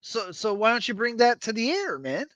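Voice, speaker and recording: A man hosting a livestream, chatting to his viewers in a rambling, excitable, self-mocking way and swearing freely. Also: high voice, normal speed, dry recording, dull audio. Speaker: livestream host. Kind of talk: casual livestream chat to viewers.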